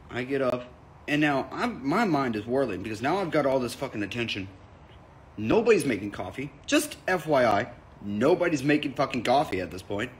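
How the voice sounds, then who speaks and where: A man's voice: medium pitch, moderate pace, a little hiss or hum. Profane man telling a comic story. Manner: profane, animated, acts out quoted voices.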